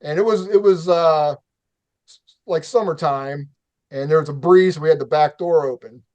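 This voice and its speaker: A man hosting a casual talk show, telling a story in an animated, profane way and acting out the quotes. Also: a little high, normal speed. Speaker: show host.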